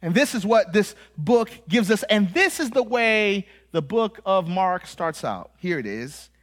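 An American man preaching with a high, lively voice. He keeps it conversational and animated, throwing in jokes and acting out quoted voices as he teaches. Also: unhurried. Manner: animated, joking asides, acts out quoted voices. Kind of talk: sermon.

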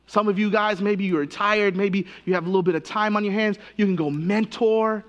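A man's voice: high-pitched, fairly even intonation, fairly quick. A man preaching a sermon as pastor, impassioned and emotional, repeating phrases for emphasis. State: near tears at times.

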